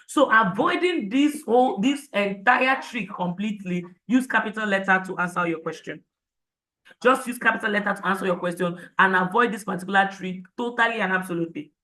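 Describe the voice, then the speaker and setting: A woman leads an exam-prep lesson in a bright, forceful voice. She drives each tip home by restating it and checking in with the class through quick rhetorical questions. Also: medium pitch, poor audio. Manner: repetitive, emphatic, rhetorical questions to students. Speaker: IELTS prep teacher. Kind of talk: live online class lecture.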